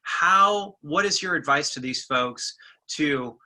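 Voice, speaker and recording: A man's voice: on the high side, expressive, slow, pushed and bright. A man moderating a webinar Q&A, asking friendly questions.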